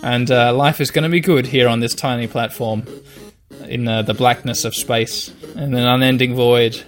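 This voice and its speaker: A man's voice: mid-range voice, fairly even intonation, normal speed, faint music behind. A man casually commenting on a video game as he plays, rambling and swearing freely. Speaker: gamer. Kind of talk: casual let's-play commentary.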